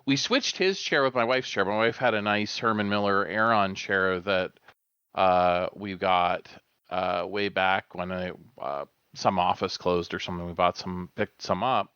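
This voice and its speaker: A man's voice: low voice, measured pace, pushed and bright, clear, resonant tone, dry recording. A middle-aged man co-hosting a podcast, chatting casually and rambling with lots of fillers and restarts. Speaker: podcast co-host. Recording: dull lo-fi dry sound.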